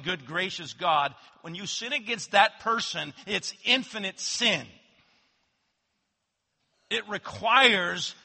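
A man preaching a sermon as pastor, swinging from loud emphatic declarations to hushed low asides. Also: husky. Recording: long hall reverb.

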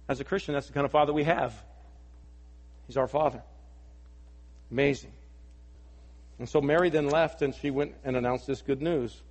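A man preaching a sermon as pastor, earnest and emphatic, rising in force and then dropping to soft appeals, in a church. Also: fairly high pitch. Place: church sanctuary. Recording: long reverb of a large hall.

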